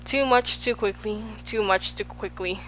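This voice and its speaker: A woman's voice: a little high, normal speed, fairly bright tone, slight background noise, lightly acted, poor audio. Woman reading as a pompous fussy humbug. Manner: flowery, fussy, agrees with everyone. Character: pompous wordy male humbug bug. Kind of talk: audiobook character voice.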